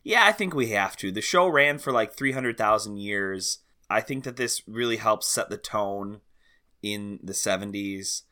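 A man's voice: lowish voice, expressive, measured pace, bright, forceful tone. A man co-hosting a podcast, chatting casually about a film, hesitant and full of fillers. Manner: hesitant, many fillers and restarts, easy laughs. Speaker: podcast co-host.

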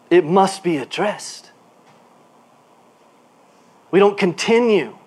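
A male pastor preaching a sermon. His delivery is animated, moving from quiet asides to emphatic bursts, and he repeats words while he looks for a phrase. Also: a little high, slow pace, long pauses.

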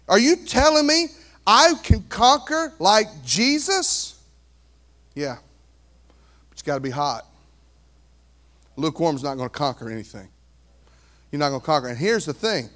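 Brief: energetic male pastor, high voice, dramatic swings between hush and shout. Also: measured pace, pauses often. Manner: animated, swings from quiet to near shouting, conversational asides. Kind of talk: sermon.

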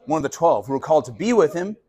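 A man preaching a sermon with a husky, somewhat high voice. He keeps it loose and conversational and slips into the voices of the people in his story. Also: rapid-fire. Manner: animated, casual, acts out quoted voices. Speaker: pastor. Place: live sermon at a college venue.

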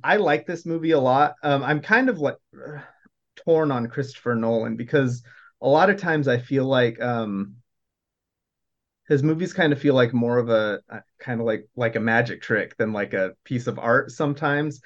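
A man's voice: mid-range voice, normal speed. A man chatting casually as a podcast panelist, rambling with lots of "like" and "um". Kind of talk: casual chat. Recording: dull lo-fi recording.

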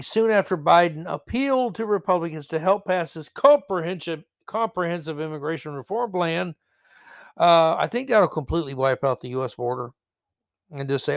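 A man with a somewhat high voice hosts his own podcast, drifting into sarcastic, mocking asides as he goes. The sound is close and dry, with no room around it. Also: lively intonation, moderate pace, vocal fry, no echo. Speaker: podcast host. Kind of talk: solo political commentary podcast.

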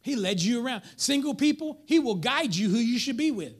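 A man preaching a sermon as pastor, swinging between loud emphatic lines and hushed whispers while acting out members of the congregation. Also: extremely high pitch, animated, fairly quick.

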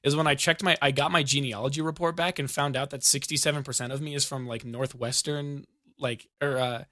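A man's voice: medium pitch, fairly even intonation, brisk, bright, forceful tone, no room sound, studio quality. A young American man telling rambling stories in casual podcast chat, restarting sentences and giggling. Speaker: podcast co-host.

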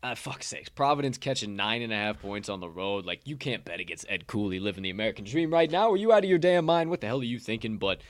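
A man's voice: lowish voice, lively intonation, fast, hardly any pauses. A man hosting a sports betting podcast, ranting in casual chat with heavy profanity. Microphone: podcast microphone.

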